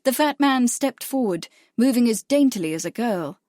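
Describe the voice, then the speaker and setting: A woman's voice: a little high, expressive, moderate pace, mellow, no echo, studio quality. Woman reading a mystery novel aloud. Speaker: audiobook narrator. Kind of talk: scripted narration.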